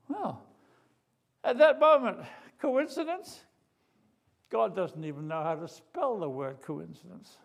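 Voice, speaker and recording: Aussie preacher guy, high-ish gravelly voice, storytelling sermon, gets loud then quiet. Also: unhurried. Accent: Australian. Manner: animated storytelling, swinging between loud and hushed.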